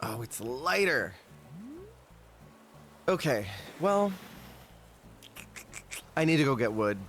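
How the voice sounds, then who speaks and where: A man chats casually with his stream audience while he plays, swinging between stories and quick laughs. His voice sits in a middle register, and soft music runs faintly underneath. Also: medium pitch, very animated. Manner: chatty, storytelling, quick laughs. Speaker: Twitch streamer. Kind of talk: casual gameplay chat with viewers.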